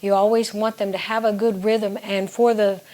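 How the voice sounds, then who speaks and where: A woman songwriter speaks straight to the viewer in a relaxed, chatty way. She explains her writing with earnest reflection, and her voice sits at an ordinary middle pitch. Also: moderate pace. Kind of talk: casual talk to camera.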